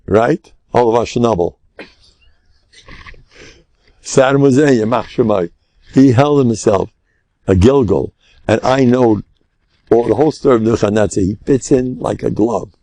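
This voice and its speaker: An older man, a rabbi, teaching a lesson through lively storytelling, with Hebrew and Yiddish words mixed in. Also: medium pitch, unhurried, creaky, pauses often, dry recording.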